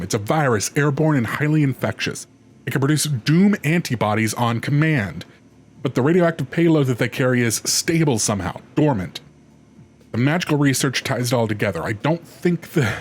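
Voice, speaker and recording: A man's voice: medium pitch, slightly rough. A man voicing a blunt, determined male shadowrunner team leader in a video game, reading the lines close to his own voice. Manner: reads dialogue in a near-natural voice, with restarts.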